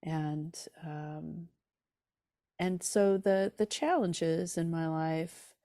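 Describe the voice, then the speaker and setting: A woman who is an author and musician speaks as a podcast guest, earnestly reflecting on her inner life in interview talk. Her low, warm voice draws out words, captured in a dry, clean studio recording.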